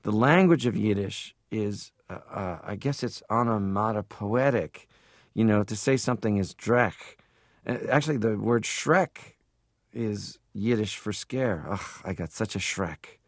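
A man from Canada, a comedian guest, talking casually and at length in an interview, animated, stopping to laugh. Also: on the low side, measured pace, no room sound, clean studio sound. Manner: rambling, animated, stops to laugh.

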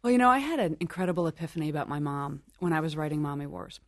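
Fast-talking low-voiced woman guest. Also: animated, dry recording, clean studio sound. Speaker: guest author. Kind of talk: radio panel discussion. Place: radio studio.

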